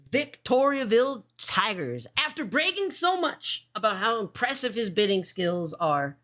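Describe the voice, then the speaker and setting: Woman streamer, casual commentary, heavy swearing, mid pitch. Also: big pitch swings, fairly bright tone. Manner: swears often, talks in quick restarts. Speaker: streamer hosting a show.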